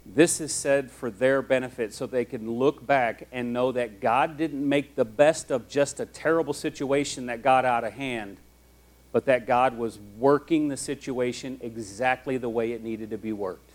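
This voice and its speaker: A man preaching a sermon as a pastor, telling the story in a conversational, animated way. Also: mid-range voice, moderate pace.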